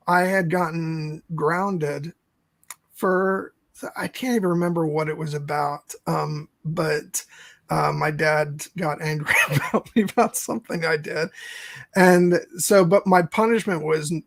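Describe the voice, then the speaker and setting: A podcast co-host on a casual film review show tells a long, rambling story packed with fillers. His voice is a little high and creaky, recorded with no echo.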